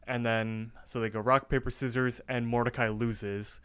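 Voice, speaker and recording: A man's voice: mid-range voice, level tone, moderate pace, fairly bright tone, clean tone. A man co-hosting a podcast, casually retelling a cartoon episode with lots of fillers. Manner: rambling retelling with fillers and quoted lines. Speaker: podcast co-host.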